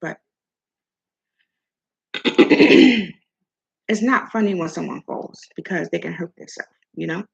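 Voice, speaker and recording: A woman's voice: fairly low pitch, slow pace, gravelly, long pauses, breathy edge. An older woman hosting an opinion commentary vlog, sassy and talking straight at the person she criticizes. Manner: sassy, talks straight at her subject. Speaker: host. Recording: dull lo-fi recording.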